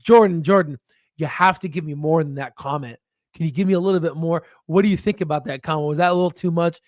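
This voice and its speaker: A man hosting a stock market livestream, talking in excited bursts, laughing often and checking in with "right?". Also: on the high side, fast, no room sound, clean studio sound. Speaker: stock market channel host. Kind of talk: excited casual livestream commentary.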